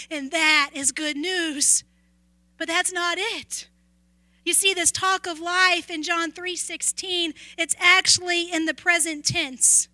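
A woman preacher with a high, very bright and keen voice, recorded close and dry with no room sound. She tells stories in an earnest way and sometimes drops to a near whisper to stress a point. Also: no echo. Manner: earnest storytelling, dropping to a hush at key moments. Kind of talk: sermon with personal stories.

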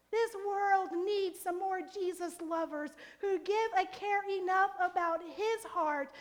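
A woman pastor delivering a sermon, building from quiet questions to impassioned calls to action. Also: very high-pitched, slow, few pauses. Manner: impassioned preaching, rising to fiery exhortation.

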